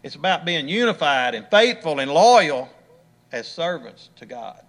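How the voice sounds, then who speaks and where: A man with a high, bright voice delivers an earnest sermon. He poses rhetorical questions to the congregation and sinks his pitch at the end of each thought. His tone is clear and pointed. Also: very animated, measured pace. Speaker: preacher.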